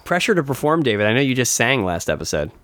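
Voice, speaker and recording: A man's voice: medium pitch, very animated, quick pace, a bit bright, dry recording, clean studio sound. A man co-hosting a podcast in casual chat, rambling with many fillers and restarts. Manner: laughs often. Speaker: podcast co-host.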